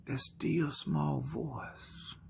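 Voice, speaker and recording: A man giving a spoken-word motivational sermon, slow and dramatic, often dropping into hushed whispers. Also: on the high side, fairly even intonation, gravelly, a little hiss or hum. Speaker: motivational speaker.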